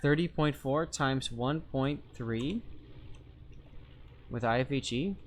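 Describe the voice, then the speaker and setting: A man's voice: medium pitch, expressive, slow pace, long pauses, a little hiss or hum. Chatty male game streamer explaining mechanics. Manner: chatty, explains step by step, reads chat aloud. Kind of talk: live-stream game commentary.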